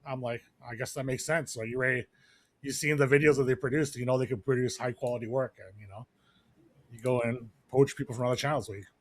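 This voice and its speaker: Rambling and casual, this male podcast co-host fills his chat with fillers and keeps restarting. He's a fast talker with a mid-range voice and fairly even intonation.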